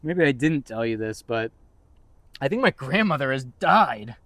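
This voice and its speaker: A man's voice: mid-range voice, sing-song, a little slow, a bit bright, dry recording. A man co-hosting a casual podcast, rambling and joking with mock-dramatic outbursts. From Massachusetts. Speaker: podcast co-host. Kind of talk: casual chat.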